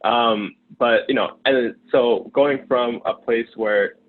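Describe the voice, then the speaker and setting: Over a tinny, phone-like line, a man in his twenties from Ukraine talks casually as an interview guest about being a former sales intern. His voice is medium-pitched and steady, and he speaks slowly, rambling with lots of fillers and restarts.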